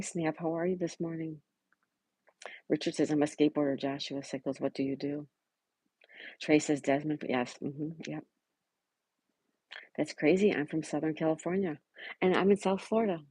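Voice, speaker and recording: A woman with a low, husky voice hosts a relaxed livestream, reading out viewers' comments and greeting them one by one. The sound is dry and close, with no room echo. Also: moderate pace, long pauses. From Buffalo, New York. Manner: greets viewers by name and chats back warmly. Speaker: livestream host. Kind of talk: casual live chat, reading viewer comments aloud.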